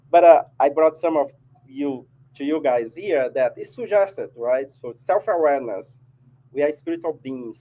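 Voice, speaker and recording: A spiritist speaker with a Brazilian Portuguese accent addresses an audience casually in his society's meeting hall, keeping things conversational and constantly asking "right?". He has a fairly high but dark-toned voice, captured in a low-quality recording.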